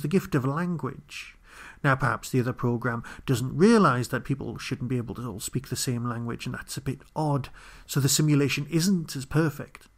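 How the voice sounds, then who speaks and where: A man hosting a podcast, giving a chatty, rambling solo review with wry asides. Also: on the high side. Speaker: podcast host reviewing an episode.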